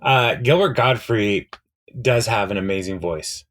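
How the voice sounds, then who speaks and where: A man's voice: fairly low pitch, a little slow, a bit bright. A man co-hosting a podcast, recapping a TV episode in casual chat, rambling with many fillers and quoting the characters' lines as he retells scenes. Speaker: podcast co-host.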